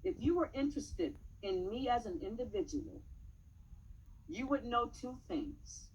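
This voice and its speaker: A woman giving a dramatic poetry recitation at a public meeting, measured, with pointed pauses and rising emphasis. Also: fairly high pitch, very animated, a little hiss or hum, poor audio.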